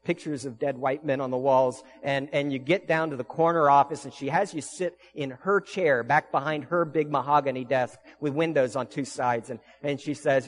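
A man preaching as pastor, telling stories with earnest conviction and frequent restarts. His voice sits at an ordinary middle pitch. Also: fairly even intonation, brisk, hardly any pauses. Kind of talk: sermon.

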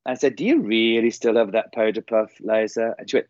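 A man's voice: medium pitch, lively intonation, fairly quick, few pauses, dry recording, highs cut off. A man, a singer and performer, telling showbiz anecdotes in casual chat and quoting people in other voices.

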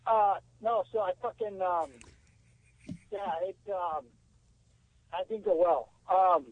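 A man's voice: high-pitched, takes it slowly, slight background noise. A man calling into a show, telling his story in a rambling way, swearing heavily and stumbling over fillers. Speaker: caller. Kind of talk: casual phone call to a show. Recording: muffled lo-fi phone line.

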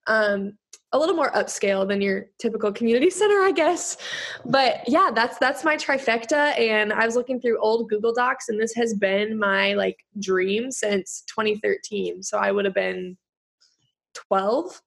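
A woman's voice: on the high side, moderate pace, vocal fry. A young woman in her late teens, a guest on a podcast, chatting in a bubbly way with many fillers. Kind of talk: casual interview chat.

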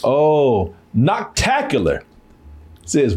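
Husky, lively man hosting a stream. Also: on the high side, measured pace, a little hiss or hum. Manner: laughs often, playful, teasing. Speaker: stream host. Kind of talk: casual live-stream banter reading chat.

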